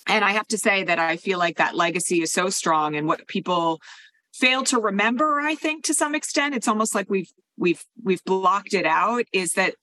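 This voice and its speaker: Bright-voiced middle-aged woman interviewing. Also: mid-range voice, moderate pace, no room sound. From Pennsylvania, US. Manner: reflective, personal, animated. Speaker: interviewer, host. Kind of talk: conversational interview.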